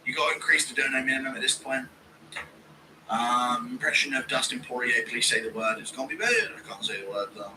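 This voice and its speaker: A man's voice: steady tone, fairly quick, noisy background. A man hosting a fight watch-along stream, chatting casually, reading out donations and cracking crude jokes. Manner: crude, jokey, does squealing high-pitched impressions.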